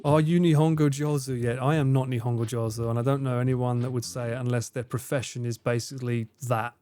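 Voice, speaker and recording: A man's voice: medium pitch, brisk, soft background music. British man, forties, livestream host, laid-back chat, swears a lot. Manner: relaxed, swears freely and laughs often. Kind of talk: casual stream chat, reading out viewer comments. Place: room at home with air conditioning running.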